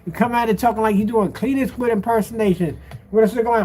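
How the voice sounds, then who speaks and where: A man's voice: high-pitched, fast talker, mellow. A man ranting jokingly in a casual commentary, mocking and slangy, laughing often as he exaggerates. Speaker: screen paint seller.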